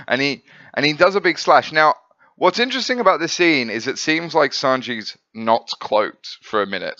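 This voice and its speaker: A man's voice: on the low side, bright, forceful tone, smooth, no room sound, muffled recording. A man reviewing a comic in a rambling, filler-heavy casual chat.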